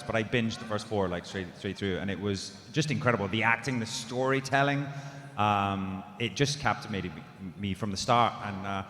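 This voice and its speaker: A lowish-voiced man talking chattily on a convention panel, enthusiastic about what he describes. The sound is roomy with a long hall reverb and faint background noise. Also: a bit bright. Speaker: actor on a panel. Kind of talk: casual panel talk. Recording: echoey hall.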